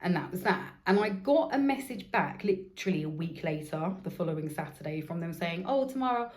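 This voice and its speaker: A woman's voice: on the low side, a little fast, a little mellow, echoey room. A woman hosting her own show, telling a rambling personal story in a candid, casual way and swearing freely. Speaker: host.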